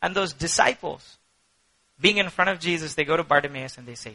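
A male pastor preaching a sermon in a high voice. His tone is bright and ringing, with a piercing edge. He swings from impassioned cries to soft, hushed prayer. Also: animated, fairly quick, poor audio.

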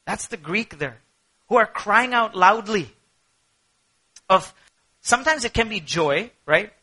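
A man preaching a sermon with passion, rising to cries and sinking to hushed prayer. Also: high voice, expressive, unhurried, breathy edge, poor audio. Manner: impassioned, shifts from shouting to hushed prayer. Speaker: pastor.

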